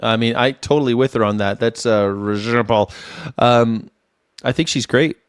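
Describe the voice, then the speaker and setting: A man's voice: medium pitch, normal speed, clean tone, no room sound. Rambling man commentating, dry close mic. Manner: rambling, laughs often, repeats words. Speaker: independent news and culture commentator. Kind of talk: casual livestream commentary.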